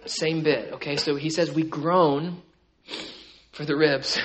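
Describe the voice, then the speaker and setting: A man with a somewhat high-pitched voice preaches to his church in a loose, conversational way. He checks in with "right?" again and again. He rises to loud, emphatic passages and then drops to quiet, low-pitched asides. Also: steady tone, slow, pauses often, poor audio. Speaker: pastor. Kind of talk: sermon.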